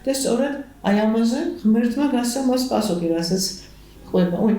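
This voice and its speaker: A woman hosting a TV talk show, quickly retelling her guest's story. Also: fairly high pitch, animated, warm tone. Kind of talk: TV interview hosting. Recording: echoey studio.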